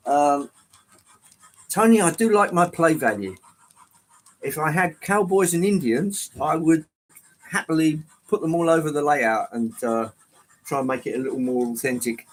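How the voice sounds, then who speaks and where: The audio is poor here. A middle-aged man speaks at a fairly high pitch and a moderate pace, leaving long pauses, as he livestreams from his indoor hobby room, operating and explaining his model train layout. He keeps up casual, chatty, exclamatory talk with viewers and reads their chat messages aloud.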